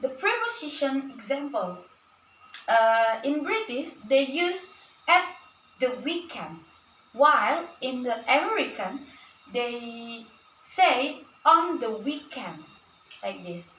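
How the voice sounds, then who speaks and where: A young woman and native Indonesian speaker giving a halting class presentation, with many fillers and restarts. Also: high-pitched, very animated, a bit bright. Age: young adult. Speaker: student presenter. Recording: echoey room, from a distance.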